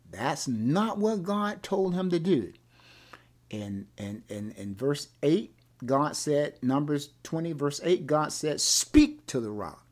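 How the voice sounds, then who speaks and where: With a fairly high-pitched voice, a male pastor animatedly teaches a Bible class. Repeated words and rhetorical questions run through his delivery.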